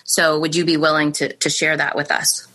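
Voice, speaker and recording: A woman host conducts an interview, gently asking her guest to share. Her voice sits low for a woman yet sounds bright and forward. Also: level tone, moderate pace.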